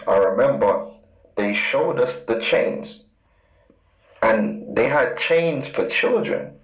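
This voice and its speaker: Man preaching hard, repeats words over and over, slow when reading verses, echoey sound. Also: medium pitch. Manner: emphatic, repeats key words, reads verses slowly. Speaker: street preacher. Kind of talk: fiery scripture teaching. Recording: roomy echo.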